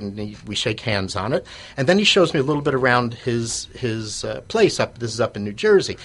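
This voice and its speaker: A man guest telling a casual business story, stammering and repeating words as he gets animated. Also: mid-range voice, brisk.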